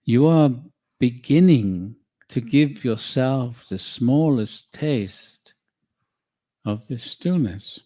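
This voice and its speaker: Man, spiritual teacher, unhurried and measured delivery, mid-range voice. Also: medium pitch. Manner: measured, calm, addresses listeners as beloved. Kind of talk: slow guided spiritual teaching.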